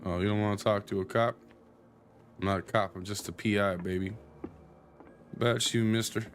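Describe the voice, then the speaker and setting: A man's voice: fairly low pitch, fairly even intonation, normal speed, a little hiss or hum. A young man casually commenting while streaming a game, laid-back with joking asides.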